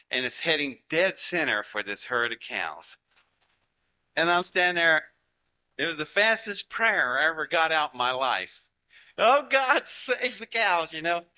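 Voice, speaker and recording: A man from Ohio in his forties spins a folksy story for a live audience. His voice rings bright and sharp, and he jumps in and out of the voices of the people in his tale. His pitch sits in an ordinary middle range. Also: rough recording. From Ohio, United States. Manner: animated and folksy, acting out what people said. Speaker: speaker giving a talk to an audience.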